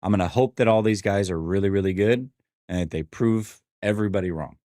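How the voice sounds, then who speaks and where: A man in his forties hosting a live sports stream, venting his frustration and answering chat in an animated, exasperated way. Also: on the low side, a little fast, no room sound, clean studio sound. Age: 40s. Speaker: sports show host.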